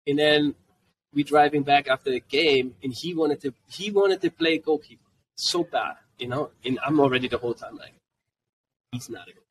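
A man in his forties with a German accent tells stories casually as a podcast guest. He breaks into quick acted-out lines from his kids as he goes. His voice sounds a little distant from the mic, as if recorded at a convention booth. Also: fairly high pitch. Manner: animated, jumps into quoted voices of his kids. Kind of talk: casual storytelling.

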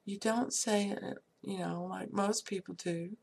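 A woman's voice: medium pitch, measured pace, gravelly, hardly any pauses, darkish tone, a little hiss or hum. A woman giving a casual, upbeat talk on prayer and feeling, often laughing and dropping into whispers. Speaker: spiritual speaker.

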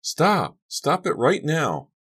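A man doing an earnest teenage girl, pitched high. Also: brisk. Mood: urgent. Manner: pleading, breathless urgency. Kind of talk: audiobook character voice.

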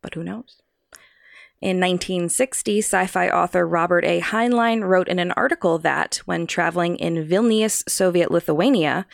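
A woman co-hosts a casual podcast, working through her prepared notes with a lowish voice full of gravelly fry. She laughs easily at her partner's jokes. The sound is dry and close. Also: dry recording. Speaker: podcast co-host presenting the research. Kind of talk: casual chat reading from notes.

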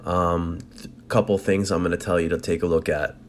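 A man's voice: sits low, fairly quick, a little hiss or hum. A man who competes in jiu-jitsu, telling match stories and giving blunt, profane advice in a casual way. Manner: blunt and profane, animated storytelling.

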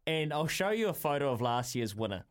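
A man's voice: on the high side, very animated, a little fast. A man with a New Zealand accent hosting breakfast radio and making wry jokes in casual chat. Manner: chatty, jokey, playfully sarcastic. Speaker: radio host.

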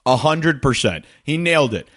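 A man hosting a sports talk radio show, rambling energetically and jumping up in pitch when excited. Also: normal speed.

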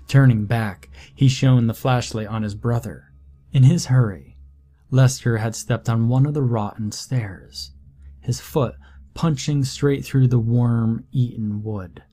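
A man narrating a scripted horror story in a measured, deliberate way. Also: mid-range voice, dark tone.

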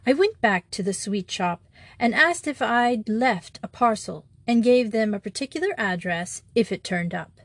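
A woman voicing a meek, apologetic little male country priest who speaks simply and gently. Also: on the high side, expressive, normal speed, no echo.

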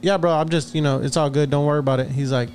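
Talking quickly with a slightly high, fairly even and a little mellow voice, this man co-hosts a podcast. In casual conversation he tells a meandering story, laughing often, leaning on fillers and frequently starting sentences over.

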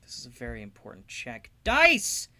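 A man playing a tabletop game, talking in an excitable, casual way. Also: medium pitch, moderate pace, no room sound. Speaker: player.

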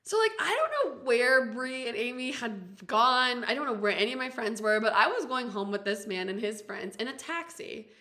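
Bright, animated woman in her twenties. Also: on the high side, moderate pace, hardly any pauses. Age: 20s. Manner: animated, laughs a lot, many "like"s. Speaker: podcast co-host. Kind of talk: casual storytelling chat.

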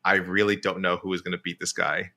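A man on a sports panel giving measured opinions in a laid-back way. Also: sits low, level tone, sharp tone. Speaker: podcast panelist. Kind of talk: casual sports chat.

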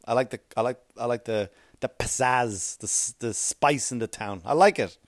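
A man's voice: medium pitch, moderate pace, no room sound, studio quality. A man doing a rambling, profane stand-up comedy routine full of conversational asides.

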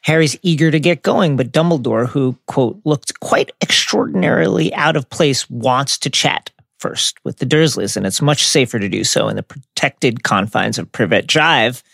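Male podcast co-host, wry book talk, studio mic, dry sound, gravelly. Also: medium pitch, moderate pace, no room sound. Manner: lively, wry, animated retelling.

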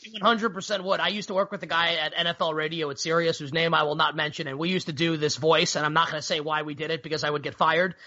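Brash guy teasing his cohosts, high voice, kinda muffled podcast audio. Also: fairly even intonation, fast talker, few pauses, sharp tone. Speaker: podcast co-host. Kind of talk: casual sports betting chat.

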